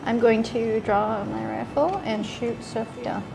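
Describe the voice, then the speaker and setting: A woman's voice: on the high side, measured pace, gravelly, over music, poor audio. A woman playing in a tabletop role-playing game, speaking in a dry, matter-of-fact way. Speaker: player. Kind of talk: casual tabletop game play.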